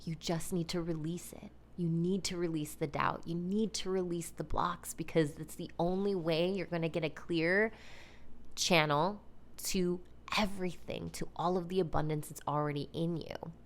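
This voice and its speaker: A woman voicing a calm, loving tree spirit in whispered role-play, speaking slowly and soothingly in a soft, hushed whisper. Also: on the low side, a little hiss or hum, natural voice. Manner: slow, soothing, repetitive reassurance.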